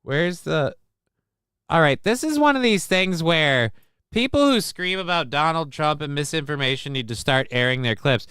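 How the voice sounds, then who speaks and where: A man's voice: fairly high pitch, animated, moderate pace, bright, forceful tone, clear, resonant tone, dry recording. A man hosting a podcast, ranting angrily and sarcastically with profanity about politics from a home studio. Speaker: podcast host. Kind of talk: heated political rant.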